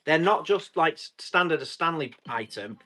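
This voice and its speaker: A man runs a live online tool auction, rambling chattily and joking with viewers in the chat during a casual stream. His voice is on the high side, animated, and sharp in tone, at a normal speed.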